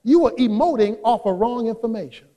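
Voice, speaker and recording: High-voiced man preaching with shouted peaks. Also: lively intonation, brisk, big-room sound. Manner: emphatic preaching, swinging between soft asides and shouted peaks. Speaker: pastor. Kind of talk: sermon.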